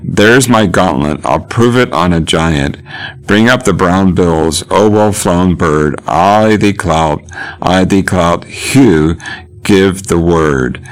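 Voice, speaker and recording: A man reading the lines of a mad old king, declaiming them slowly and with force. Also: sits low, voice pushed up. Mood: raving. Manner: slow, declaiming.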